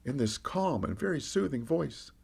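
A man's voice: on the high side, normal speed, gravelly, slightly rough, exaggerated voice. A man playing a candid fisherman disciple, telling his own story in a first-person monologue. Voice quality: lively storyteller, rising and falling with the action. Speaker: podcast storyteller.

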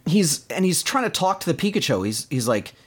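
Man, casual chat, exasperated, animated, swooping intonation. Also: a little high, a little fast, slightly rough. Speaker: podcast co-host.

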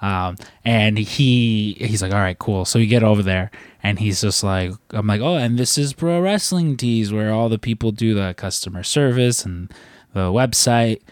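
Recorded dry, a young podcast host with a fairly low voice tells a meandering story at a moderate pace. It's loaded with fillers and restarts, plus some casual swearing.

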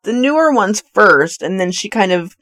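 A woman's voice: medium pitch, animated, normal speed, fairly bright tone. A woman co-hosting a podcast, chatting casually about a film and filling in plot details. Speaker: podcast co-host. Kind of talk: casual movie recap chat.

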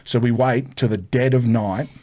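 A comedian guest on a comedy podcast tells a rowdy story, swearing freely and lowering his voice whenever he quotes someone. His medium-pitched voice is steady and darkish, delivered at normal speed.

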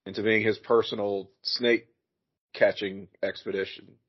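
A man's voice: on the low side, flat delivery, a little slow. A man guesting on a podcast, rambling with dry jokes and lots of fillers. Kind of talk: casual live-watch chat. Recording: dull lo-fi sound.

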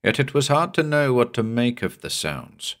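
A man narrating a horror story in a measured, suspenseful reading. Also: mid-range voice, big pitch swings, a bit bright. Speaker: audiobook narrator.

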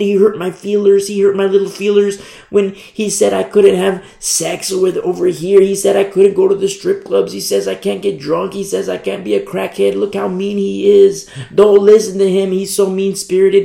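Brief: a man doing a whining, mocking grown man, pitched up with gravel in it, in a roomy church. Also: little pitch movement, normal speed, hardly any pauses, warm tone. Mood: whiny mocking. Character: whiny mocking male critic of the preacher.

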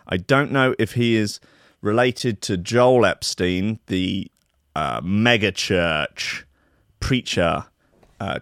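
A man's voice: mid-range voice, fairly bright tone, dry recording, clean studio sound. A man hosting a show, reading out news stories and mocking them with rambling, sweary sarcasm. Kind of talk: casual comedic news commentary.

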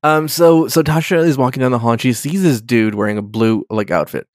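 A man's voice: medium pitch, a little fast, dry recording. A man in his thirties chats casually on a podcast, retelling a TV episode in a loose, rambling way full of swearing. He jumps into the characters' lines as he goes. The sound is dry and close, with no room around it. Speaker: podcast co-host. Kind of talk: casual chat recapping a TV episode.

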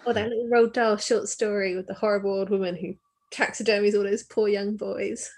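A woman co-hosting a podcast, chatting casually and telling stories with lively acted-out quotes. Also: medium pitch, brisk. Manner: lively storyteller, acts out quotes. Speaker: podcast co-host. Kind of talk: casual chat.

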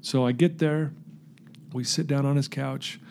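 Male guest, earnest storyteller, dark gravelly tone, voices each person in his tale. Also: mid-range voice, fairly even intonation, a little slow, slight background noise. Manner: recounts events by acting out quoted dialogue; earnest, emotional. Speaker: podcast guest.

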